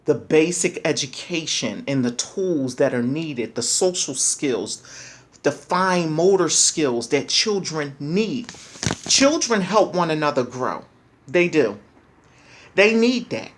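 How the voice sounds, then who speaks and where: A woman's voice: sits low, animated, slow pace. Middle-aged woman going off about raising kids, emphatic, keeps repeating herself, calls everybody baby. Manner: emphatic, preachy, repeats lines for effect, calls listeners baby. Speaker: speaker sharing parenting views. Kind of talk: passionate monologue.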